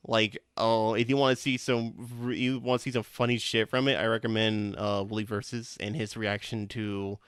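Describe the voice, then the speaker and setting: A man's voice: on the low side, little pitch movement, normal speed, few pauses, fairly bright tone, clean tone, no room sound, studio quality. A young man hosting a casual podcast, rambling with lots of swearing and restarts. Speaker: podcast host.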